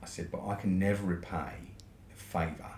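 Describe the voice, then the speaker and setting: A man's voice: low-pitched, fairly even intonation, normal speed, a little mellow. A man from the UK with a British accent, a podcast guest telling a long story in a casual way, swearing freely and ending points with "right?". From United Kingdom. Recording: roomy echo with faint noise.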